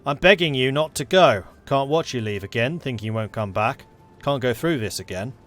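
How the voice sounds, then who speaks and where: A man's voice: mid-range voice, expressive, normal speed, fairly bright tone, soft background music, natural voice. A man with a South London accent voicing a tearful middle-aged English wife, pleading and choked up. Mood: begging.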